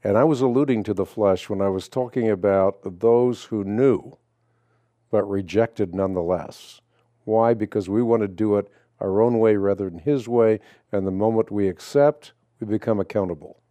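A man hosting a call-in radio show, talking in a measured, emphatic, preacherly way. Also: fairly low pitch, warm tone, dry recording.

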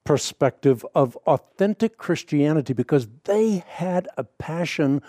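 A man's voice: fairly high pitch, lively intonation, a little slow, mellow, dry recording. A middle-aged man who hosts a radio show, talking earnestly and fluently, telling stories in conversation. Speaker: radio host. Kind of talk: conversational interview.

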